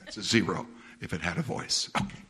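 A middle-aged man preaching a sermon, telling a story with humor, laughing often and mimicking other people in a high voice. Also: brisk, bright, forceful tone, slightly rough.

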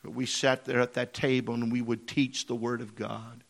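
A male preacher delivering a sermon, moving from quiet storytelling into impassioned appeals with repeated phrases. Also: medium pitch, little pitch movement, normal speed, creaky.

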